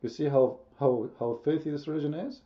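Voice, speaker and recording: Emphatic high-voiced male debate host. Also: steady tone, fairly quick, highs cut off. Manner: emphatic, repetitive, quizzing the audience. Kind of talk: heated online debate.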